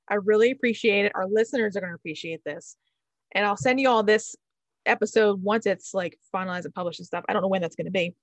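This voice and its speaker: A woman hosting a podcast, talking in a relaxed, reflective, chatty way. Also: medium pitch, no echo. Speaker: podcast host. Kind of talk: casual podcast chat.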